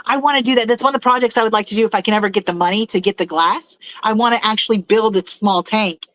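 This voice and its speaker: A woman talking casually on a livestream from her home, wandering from one thought to the next and laughing often. Her voice sits at an ordinary middle pitch. The sound is dry and close, with no room echo. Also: fast, fairly bright tone. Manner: rambling and chatty, with frequent fillers and laughs. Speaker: livestream host reading chat. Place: at home in a room with fish tanks.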